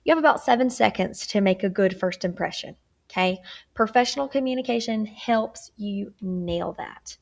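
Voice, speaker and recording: A woman's voice: mid-range voice, moderate pace, vocal fry. A woman teaching a workplace communication lesson in a chatty way, often checking in with "okay?" and acting out examples of tone. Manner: acts out tone examples. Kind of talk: recorded workplace skills lesson.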